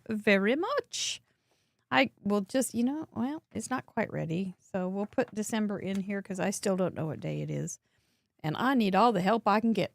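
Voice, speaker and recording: A woman's voice: mid-range voice, vocal fry, dry recording, studio quality. A woman hosting a live cardmaking show, chatting and exclaiming as she shows viewers' cards. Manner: chatty, exclaiming, with frequent laughs. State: coughing, throat dry. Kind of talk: casual live-stream chat showing viewer cards.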